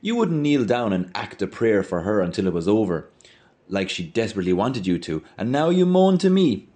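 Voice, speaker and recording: A man voicing a brash, mocking young man who teases loudly and theatrically in a storybook reading. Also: low-pitched, lively intonation, brisk. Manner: loud, teasing, theatrical.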